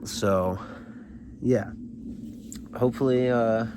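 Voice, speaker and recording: A man's voice: medium pitch, fairly even intonation, takes it slowly, noisy background. A man hosting a casual read-along, reading from a novel and commenting in loose, slangy, rambling talk with many fillers. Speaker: host reading a novel aloud.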